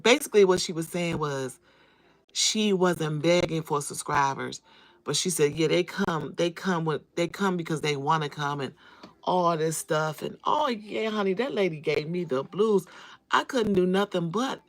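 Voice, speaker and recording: A woman with a voice on the low side, speaking at a moderate pace, hosts a casual live-stream chat. She greets viewers by name, talks right to them, and repeats phrases for emphasis.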